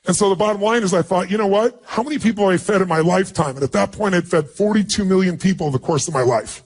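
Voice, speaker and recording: Husky-voiced man telling a heartfelt story. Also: high voice, quick pace, a little mellow. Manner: emphatic, acts out dialogue in a raised voice. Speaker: motivational speaker. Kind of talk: personal storytelling speech to an audience.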